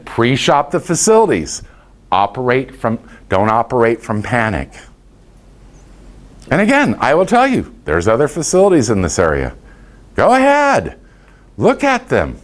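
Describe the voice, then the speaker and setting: A man giving a folksy, anecdote-filled motivational talk to a group of caregivers. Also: mid-range voice. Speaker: speaker to caregivers.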